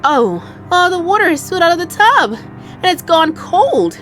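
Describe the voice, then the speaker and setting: A woman's voice: extremely high pitch, very animated, moderate pace, a bit bright, soft background music, voice pushed up, heavily acted. A woman voicing a timid young maid in a game, speaking hesitantly.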